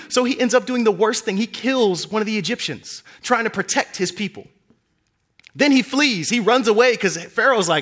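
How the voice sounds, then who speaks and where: A young man preaching a sermon, telling scripture stories with animated delivery and acting out the characters' lines. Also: moderate pace. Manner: animated storytelling, acting out characters with big pitch swings.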